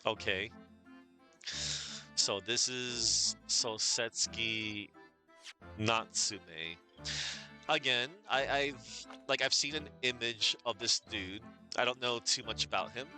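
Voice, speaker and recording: A man's voice: medium pitch, steady tone, moderate pace, bright, forceful tone. A man streaming a game live, reacting with casual, amused asides. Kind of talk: live gameplay commentary. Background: game music.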